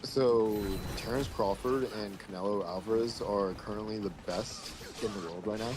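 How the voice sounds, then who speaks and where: A man's voice: lowish voice, fairly even intonation, normal speed, over music. A man chatting casually on a live stream, telling a rambling story full of fillers and swearing. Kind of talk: casual chat.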